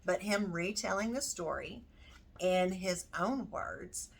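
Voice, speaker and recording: A woman with a slightly low voice walks through her homeschool curriculum at a slow, easy pace. She thinks aloud as she goes, filling pauses with ums and you-knows. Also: creaky, husky. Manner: unhurried, thinking aloud with many fillers. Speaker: homeschooling parent. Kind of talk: casual curriculum walkthrough.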